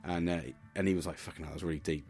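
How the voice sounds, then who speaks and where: A deep, low-pitched man speaking in a casual, reflective monologue as a podcast host. He talks in a chatty, open way, swears freely and keeps checking in with "do you know what I mean". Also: fairly even intonation, very fast, darkish tone, slightly rough, faint music behind.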